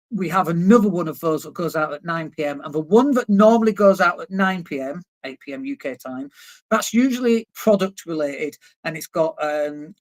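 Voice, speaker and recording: A man and marketing coach, talking casually on a livestream. He is blunt and emphatic and swears now and then. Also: a little high. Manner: blunt, emphatic, swears casually, mocks objections in put-on voices. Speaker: marketing coach and live streamer. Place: indoors at a computer, living in Spain.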